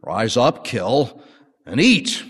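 Man putting on god's voice, slow solemn commands, echoing hall. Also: medium pitch, very animated, a bit bright, husky, full character voice. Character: commanding voice of God from heaven. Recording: long hall reverb.

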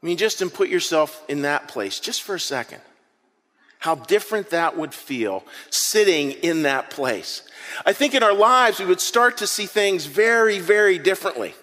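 A man preaching a sermon to his congregation, telling a story with lively acted-out moments. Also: high voice, moderate pace, long reverb tail. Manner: animated storytelling preacher, acts out scenes. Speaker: pastor. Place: church hall with an audience.

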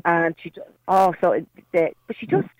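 A woman's voice: lowish voice, moderate pace, dry recording, dull audio. An Irish woman calling in to a radio show, telling a story in a chatty way with plenty of hesitant fillers. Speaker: caller. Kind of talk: phone-in chat.

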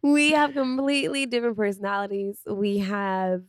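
A woman's voice: mid-range voice, level tone, normal speed, no echo, studio quality. A young woman co-hosting a podcast, chatting candidly and laughing often. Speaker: podcast co-host. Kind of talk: casual chat.

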